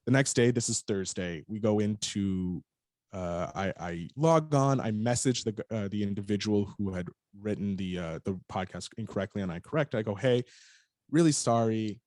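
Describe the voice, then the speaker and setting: Man, low voice, frank and animated, casual storytelling, dry sound. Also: moderate pace, no room sound. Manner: animated, frank, swears freely. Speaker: podcast guest.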